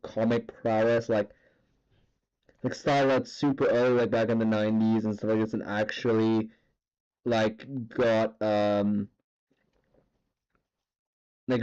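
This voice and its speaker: A man streaming while he draws, chatting in a loose, rambling way full of fillers and the occasional curse. His voice sits at an ordinary middle pitch. The recording sounds a little dull and lo-fi. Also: darkish tone. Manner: rambling, filler-heavy, swearing. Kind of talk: casual chat while drawing.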